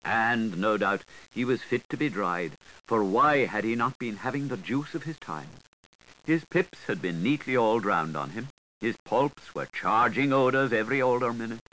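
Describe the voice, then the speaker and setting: A man's voice: medium pitch, expressive, moderate pace, bright, forceful tone, a little hiss or hum, rough recording. A man giving a literary reading, delivering dense wordplay with theatrical, sing-song intonation. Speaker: reader.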